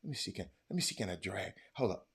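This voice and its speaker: A man hosting a livestream, stammering and repeating himself, muttering low one moment and shouting the next. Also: lively intonation, quick pace, vocal fry, husky. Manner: repetitive, stammering, talks straight to viewers; swings from quiet muttering to loud shouting. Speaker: livestream host. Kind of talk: casual livestream chat.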